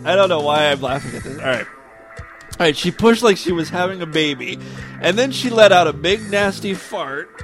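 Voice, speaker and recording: A man with a fairly high-pitched voice reads a listener-submitted story aloud on his podcast. He stops now and then for wry comments. Soft music plays faintly in the background. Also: animated, normal speed. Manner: wry asides between read passages. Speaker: podcast host.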